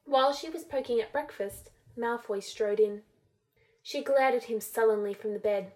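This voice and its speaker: A woman narrating a fan fiction chapter in a steady audiobook reading. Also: medium pitch, moderate pace.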